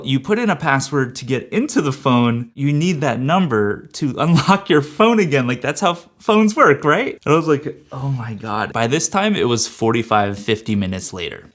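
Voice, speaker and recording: A young man telling a casual storytime rant, exasperated and animated, acting out his side of the conversations. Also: medium pitch. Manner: exasperated, animated, quotes people in dialogue. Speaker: YouTuber.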